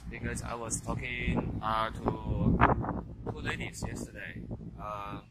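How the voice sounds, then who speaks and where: Man, casual vlog, halting and searching for words, slow delivery, loud vehicle noise behind. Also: lowish voice, very animated, gravelly. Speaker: vlogger. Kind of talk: casual vlog talk to camera.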